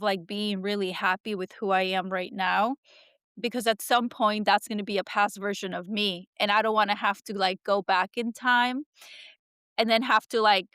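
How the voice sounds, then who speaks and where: Soft-spoken reflective woman, smooth voice. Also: mid-range voice, dry recording, studio quality. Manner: soft, reflective, rambling with many fillers. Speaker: podcast host. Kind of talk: casual heartfelt conversation.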